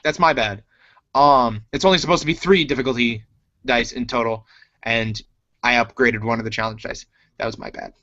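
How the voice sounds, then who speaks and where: A man's voice: mid-range voice, steady tone, moderate pace, sharp tone. A man narrating a tabletop game as game master, rambling with many fillers in a dull lo-fi recording.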